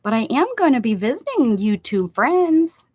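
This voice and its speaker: A woman's voice: fairly high pitch, sing-song, moderate pace, no room sound. Chatty older woman hosting a craft stream. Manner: chatty, reads chat aloud and answers viewers. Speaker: craft livestream host. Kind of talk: casual livestream chat. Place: home craft room at a desk. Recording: slightly dull lo-fi stream audio.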